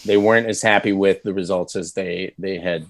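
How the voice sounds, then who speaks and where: Man, voice actor guest, lowish voice, dry close sound, casual rambling chat. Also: fairly even intonation, moderate pace, no room sound. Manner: rambling storyteller with frequent restarts and laughs.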